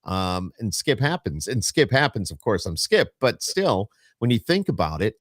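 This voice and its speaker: A man's voice: lowish voice, big pitch swings, normal speed, no echo, clean studio sound. A man hosting a podcast, talking in an enthusiastic, chatty way with his guest. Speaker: podcast host. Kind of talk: casual interview chat.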